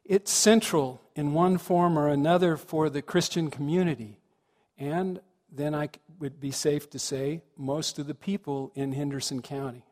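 A man's voice: on the high side, moderate pace, darkish tone. A man giving a reflective, conversational sermon to a congregation, often asking them questions. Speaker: minister. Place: congregation hall. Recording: long hall reverb.

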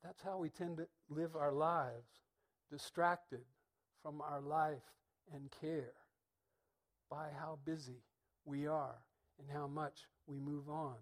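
A man's voice: a little high, steady tone. Reflective middle-aged man preaching a sermon. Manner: thoughtful, measured, with pauses.

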